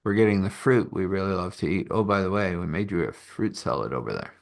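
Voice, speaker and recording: A man's voice: deep voice, fast talker, gravelly. A man voicing a cheerful, chatty queen who rambles in bubbly asides. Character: cheerful chatty queen, woman, from a fallen ship.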